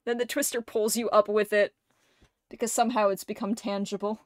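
A young adult woman streamer in casual chat, gushing like an excited fan and swearing and laughing often. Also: mid-range voice, a little fast, dry recording, studio quality.

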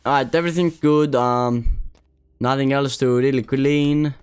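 A young man giving casual, slangy commentary while playing a game, excitable and calling everyone bro. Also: mid-range voice, measured pace, clean tone. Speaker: gaming streamer.

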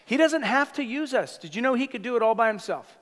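A man with a bright, high-pitched voice preaches a sermon in a Californian accent, animated and conversational, tossing playful asides to his congregation. The sound carries the long reverb of a church hall. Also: brisk. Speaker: senior pastor. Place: church sanctuary.

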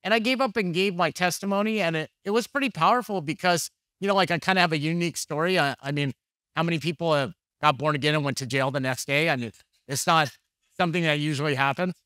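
A man's voice: a little high, fast talker, bright, forceful tone, no echo, clean studio sound. A man preaching a conversational sermon, telling candid, jokey stories and acting out the dialogue. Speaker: pastor.

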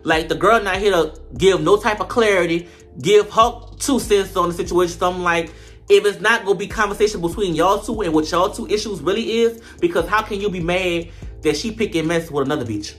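Male comedic reviewer, high-pitched, sassy and profane, faint background music. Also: a little fast. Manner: sassy, profane and animated, full of slang. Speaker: show reviewer. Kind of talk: comedic reality-TV recap.

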